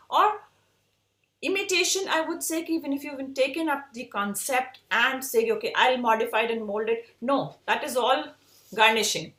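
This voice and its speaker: A woman's voice: fairly high pitch, fairly bright tone, echoey room. A woman with an Indian English accent giving an earnest, emphatic motivational talk to design students as an educator.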